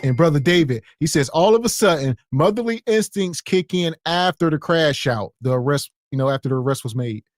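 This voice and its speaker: Casting: slightly high male co-host, slangy jokester, dry close mic. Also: animated, brisk, hardly any pauses, dry recording. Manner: joking, slangy. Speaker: podcast co-host. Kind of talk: casual podcast commentary, reading chat.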